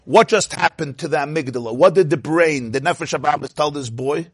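Animated man giving a Torah class. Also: a little high, fairly quick, few pauses, slightly rough, dry recording, clean studio sound. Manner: animated, asks the audience "huh?" and acts out quotes. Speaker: rabbi.

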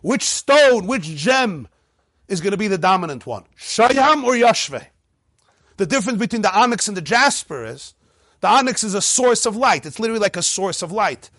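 Male Torah teacher, high-pitched and animated, dry close sound, acts out little dialogues. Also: moderate pace, no room sound. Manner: mixes Hebrew text readings with English explanation. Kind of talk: lively Torah class lecture.

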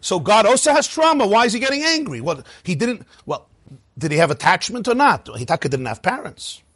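A high-pitched, husky male voice swinging widely up and down as he lectures. He fires off rhetorical questions and laughs at his own points. The sound is close and dry. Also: very animated, a little fast, a bit bright, no room sound. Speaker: rabbi teaching a class. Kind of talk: lively Torah lecture.

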